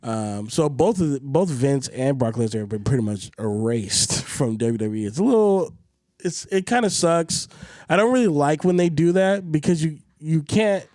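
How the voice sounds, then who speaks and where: A man co-hosting a podcast in casual chat, ranting with lots of swearing and big swings in pitch. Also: animated, normal speed, a little mellow, no echo, clean studio sound. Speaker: podcast co-host.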